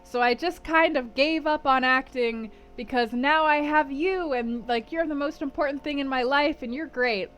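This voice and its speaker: A woman's voice: sits high, normal speed, hardly any pauses, fairly bright tone. A woman doing a lovestruck young actress. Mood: gushing.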